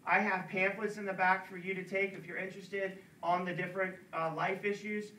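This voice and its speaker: Earnest high-voiced man in an echoey room. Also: little pitch movement, a little fast, pushed and bright, slight background noise. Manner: urging, repeats words for emphasis. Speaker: speaker at a campus pro-life talk. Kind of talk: earnest public talk. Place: college lecture room. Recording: echoey room, distant mic.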